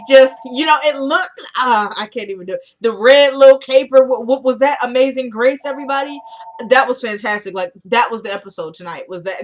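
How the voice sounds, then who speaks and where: A woman casually recapping a TV episode, retelling scenes line by line and chatting excitedly with viewers. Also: on the high side. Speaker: TV episode reviewer. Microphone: camera microphone.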